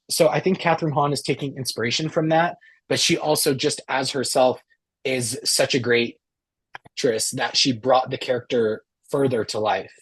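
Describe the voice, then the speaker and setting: A man with a husky, slightly breathy voice co-hosts a casual fan podcast. He talks eagerly and at length, circling back with fillers and restarts as his thoughts spill out. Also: mid-range voice. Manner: rambling, enthusiastic, many fillers and restarts. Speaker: podcast co-host.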